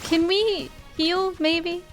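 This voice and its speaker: A young woman streaming a game live, chatting to her viewers, excitable and quick to shriek or laugh when startled. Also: extremely high pitch. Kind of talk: live gameplay commentary. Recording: game music playing underneath. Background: faint game music.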